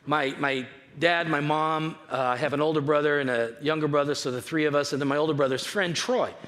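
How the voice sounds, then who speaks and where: Speaking briskly in a slightly high, somewhat bright voice, a pastor from California delivers a chatty, story-filled sermon in which he frequently repeats himself. The church auditorium sounds reverberant, with a little faint noise underneath.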